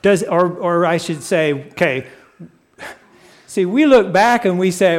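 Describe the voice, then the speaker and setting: A man preaching a sermon, speaking deliberately and putting questions to his listeners. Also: high voice. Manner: asks the audience questions; unhurried, deliberate. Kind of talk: sermon teaching.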